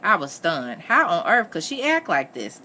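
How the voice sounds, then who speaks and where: A woman reading a novel aloud in steady first-person narration. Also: on the low side, normal speed, slight background noise. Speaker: reader.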